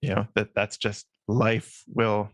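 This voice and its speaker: A man's voice: fairly low pitch, level tone, slow, no room sound, studio quality. A man hosting a conversational interview, speaking thoughtfully with slight hesitations. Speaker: podcast host.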